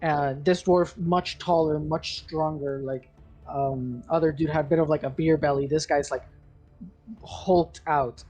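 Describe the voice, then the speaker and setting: A man game master narrating a tabletop scene, meandering through fillers and restarts. He talks slowly in a slightly husky voice, over soft background music. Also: fairly high pitch, steady tone. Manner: rambling, lots of likes and restarts.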